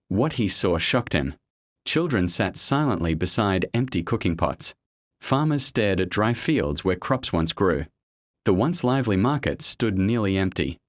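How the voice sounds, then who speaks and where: A man narrates a folktale in scripted storytelling, measured and expressive. His low voice has lively rises and falls, and the recording is dry and close.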